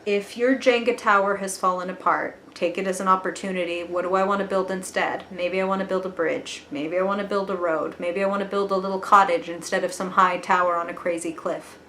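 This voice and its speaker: A woman's voice: lowish voice, steady tone, a little fast, few pauses, a bit bright, a little hiss or hum. A woman giving a casual spoken tarot reading, chatty and earnest, with the odd casual swear word. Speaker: tarot reader. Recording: echoey room.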